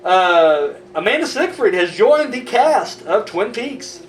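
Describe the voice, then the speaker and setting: Very animated yet slow, this man's high-sitting voice carries his horror news vlog, where he rants, swears, and rambles casually. Faint noise and a distant mic give the recording a roomy feel.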